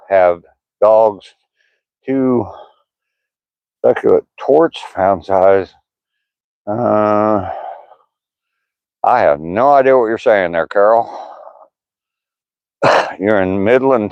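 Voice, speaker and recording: An older man with a Southwest Ohio drawl that has an Appalachian lean, chatting in an easygoing way as he reads viewers' comments aloud. His voice sits very low, with a dry, close sound and a slightly dull, muffled tone. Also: slow pace, pauses often, clear, resonant tone, dry recording. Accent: Southwest Ohio, Appalachian-tinged. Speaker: vlogger reading live chat. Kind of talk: casual live-stream chat while walking.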